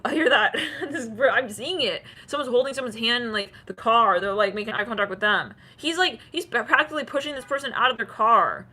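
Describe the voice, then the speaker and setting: A woman's voice: a little high, a little fast, few pauses, bright, forceful tone. A woman giving a casual tarot reading, rambling with many fillers and acting out quoted voices. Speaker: tarot reader.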